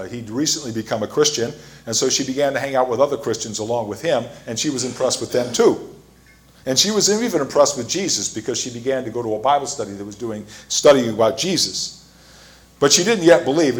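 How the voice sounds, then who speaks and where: A man preaching a sermon, telling a story with fillers and restarts and getting louder as he retells scenes. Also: mid-range voice. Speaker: pastor.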